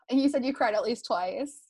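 A young adult woman hosting a podcast in a casual, chatty and animated way, with lots of "like" fillers. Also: a little high, measured pace, dry recording. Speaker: podcast host.

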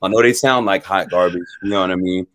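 A young man, a musician guest on an interview show, telling a story in a relaxed, animated way. He laughs often and acts out what people said. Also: sits low, quick pace, no room sound.

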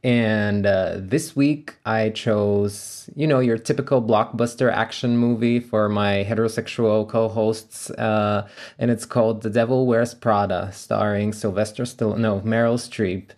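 A male podcast host with a somewhat low voice. He talks casually and playfully, teasing his co-hosts as he opens the show. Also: steady tone, measured pace, a little mellow. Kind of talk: casual chat.

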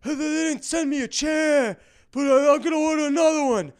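A man voicing a complaining old Italian man who lives next door, in a loud, whiny put-on voice. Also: extremely high pitch, moderate pace, pitched above the performer's own voice. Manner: shouting, whiny.

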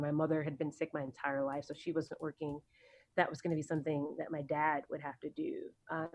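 A woman's voice: low voice, darkish tone, no echo. A woman guest on a podcast, telling stories from her career in a chatty, rambling way with many ums and likes. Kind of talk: casual interview storytelling.

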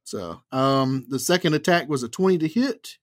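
A man's voice: medium pitch, lively intonation, moderate pace, no echo, studio quality. Easygoing male tabletop player. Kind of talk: casual tabletop play.

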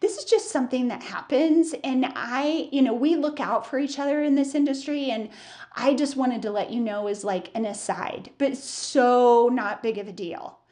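A woman's voice: high voice, moderate pace, mellow, lightly acted. A woman voicing a friendly female coffee shop customer who talks in a breezy, reassuring way.

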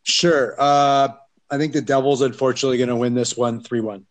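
A man's voice: mid-range voice, fairly even intonation, a little fast. Casting: young male co-host, mid voice, a bit unsure. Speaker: podcast co-host. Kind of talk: casual sports podcast chat.

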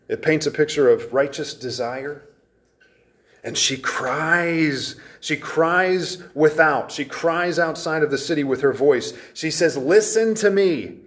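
A man's voice: on the high side, a bit bright. Earnest man preaching a Bible sermon. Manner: earnest, emphatic, with frequent restarts. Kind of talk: expository sermon.

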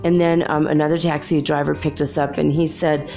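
A woman's voice: low-pitched, flat delivery, brisk, vocal fry, mellow, soft background music. A woman hosting a show, telling chatty, rambling stories in a casual monologue and laughing often. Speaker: show host.

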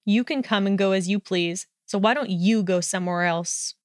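A contemptuous young man who snarls and sneers at everyone, as a woman reads him aloud. The voice stays smooth and close, with no room sound around it. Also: mid-range voice, moderate pace, dry recording, close to an everyday voice. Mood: snarling. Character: sneering hostile young man, snide bully.

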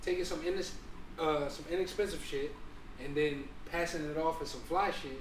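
A man's voice: fairly high pitch, fairly even intonation, a little hiss or hum. A man co-hosting a podcast, dropping short laid-back comments. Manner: quick, laid-back interjections. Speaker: podcast co-host. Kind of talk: casual banter. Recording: roomy echo, faint music.

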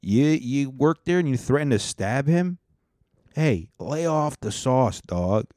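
A man's voice: mid-range voice, lively intonation, takes it slowly, darkish tone, dry recording, clean studio sound. Laid-back, profane podcast host man. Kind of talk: casual reaction commentary.

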